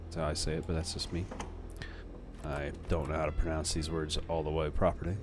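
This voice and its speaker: A man's voice: extremely low pitch, level tone, a little fast, background noise. A man hosting a let's play with casual gameplay commentary. He is chatty and self-deprecating, and often talks to himself.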